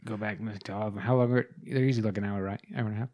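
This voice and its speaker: A man's voice: fairly low pitch, steady tone, very fast, a little mellow. A young man in casual podcast chat, telling rambling stories with constant swearing. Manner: profane, rambling storytelling. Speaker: podcast guest.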